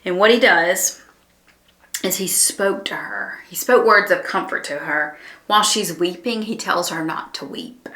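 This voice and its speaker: A woman's voice: lowish voice, a little slow, bright, forceful tone, roomy sound. Earnest woman teaching a Bible lesson. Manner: earnest, reflective, with frequent ums and restarts.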